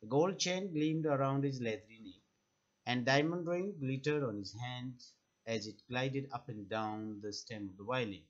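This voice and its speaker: A man, a teacher reading a textbook chapter aloud for children in a clear, steady way. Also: mid-range voice. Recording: slightly muffled lo-fi recording.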